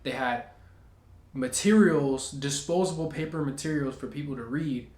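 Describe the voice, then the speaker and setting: A man telling a personal story in a casual vlog, animated and acting out what others said. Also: medium pitch, normal speed, reverberant. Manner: animated, acts out other people's lines.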